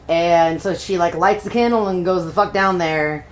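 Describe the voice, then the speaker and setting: A woman's voice: lowish voice, normal speed, few pauses, slight background noise. A woman co-hosting a podcast, chatting about a book with jokey, irreverent asides. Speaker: podcast co-host. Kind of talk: casual book-recap chat.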